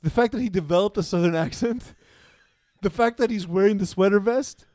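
A man co-hosting a sports talk show, arguing his points in casual, animated banter with frequent restarts. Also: sits high, brisk, dry recording.

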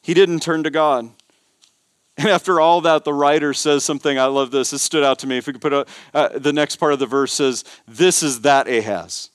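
A man's voice: on the high side, level tone, fairly quick, smooth, no room sound, clean studio sound. A man preaching a sermon as pastor, emphatic, repeating words and building intensity. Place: church.

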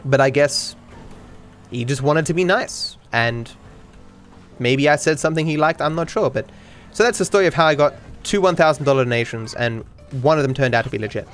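A man's voice: on the high side, expressive, a little fast, a bit bright, faint music behind. A man hosting a podcast, telling a story in a loose, rambling way, with many restarts and casual swearing. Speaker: podcast host and streamer.

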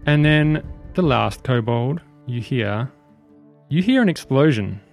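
A man running a tabletop game as game master, narrating rolls and actions in a steady, matter-of-fact way. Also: medium pitch, takes it slowly, creaky, soft background music.

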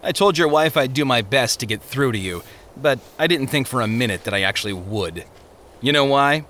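A man voicing a smooth-talking, condescending parson who brushes off worries breezily. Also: mid-range voice, lively intonation, a little fast, sharp tone, slight background noise. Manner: breezy, dismissive, patronizing. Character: glib, condescending male parson. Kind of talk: storybook character voice.

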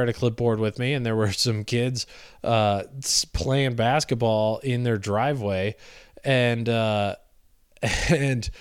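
A young man tells a casual story, trailing off into fillers and restarts and throwing in a swear word now and then. His mid-range voice sounds smooth and clear, with no room echo at all. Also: medium pitch, studio quality. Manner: rambling, many fillers, swears, laughs at himself.

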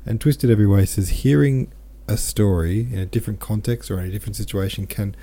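A man with a deep, gravelly voice reads a novel chapter aloud for his podcast. His tone is dark and mellow, and he slips into easy, chatty asides between passages. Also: fast talker. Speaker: podcast host and reader. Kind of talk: audiobook reading with listener comments.

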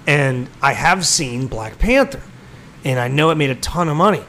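Here a man's voice runs on the high side, with lively intonation, normal speed and a fairly bright tone. He's a podcast co-host telling crude stories, swearing a lot and laughing as he goes.

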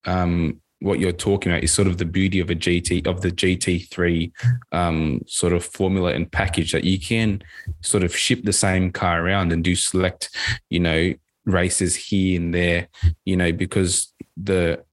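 A man with a very low voice hosting a podcast conversation. He speaks in a thoughtful, hesitant way, full of fillers. The sound is dry, with no room around it. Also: little pitch movement, normal speed, dry recording. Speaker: podcast host. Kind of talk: casual podcast interview.

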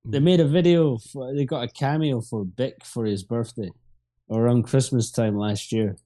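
A man's voice: mid-range voice, normal speed, mellow. A man co-hosting a podcast in casual chat, full of crude, mocking banter.

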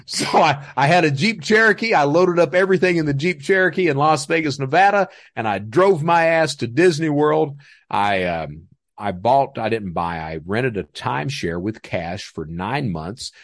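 A man's voice: medium pitch, lively intonation, normal speed, fairly bright tone, no echo, clean studio sound. A man guest telling his story in a casual, profane, laughing way. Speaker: interview guest.

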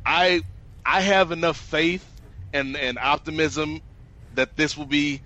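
A man hosting a podcast in a bright, forceful voice a little above the usual pitch. He talks conversationally and keeps addressing his co-host by name. The sound is dull and lo-fi, like a remote call. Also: fairly even intonation, takes it slowly. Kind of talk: casual podcast discussion.

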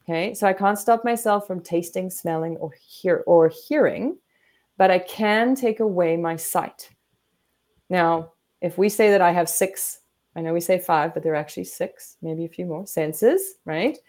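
A woman guest therapist explaining coping techniques in an animated way, acting out what her body and brain say. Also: on the low side, measured pace. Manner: animated, demonstrates breathing and acts out inner voices.

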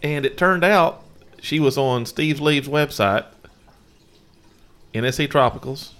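A man's voice: fairly high pitch, takes it slowly, a bit bright. A man co-hosting a casual chat, telling a story animatedly and mimicking voices. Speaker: co-host.

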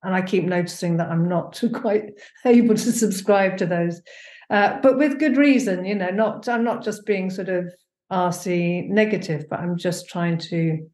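A woman's voice: on the low side, normal speed, darkish tone. A woman performance maker being interviewed, talking in a hesitant, searching way with many fillers. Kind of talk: casual conversation. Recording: echoey room.

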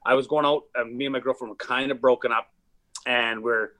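A man's voice: mid-range voice, fairly quick. A man in casual podcast chat, telling long rambling stories with lots of swearing and fillers. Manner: rambling, profane, animated storytelling.

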